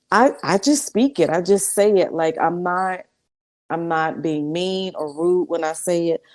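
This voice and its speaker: A woman speaking as a guest on a video call, candid and animated, acting out quoted voices as she tells things. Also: fairly low pitch. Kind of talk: casual video-call talk.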